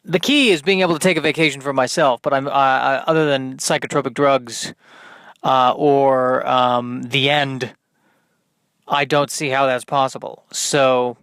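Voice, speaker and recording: Deadpan man with smooth, dry voice. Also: medium pitch, unhurried, dry recording. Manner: deadpan, self-deprecating, rambling asides. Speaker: podcast host. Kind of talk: solo comedic monologue.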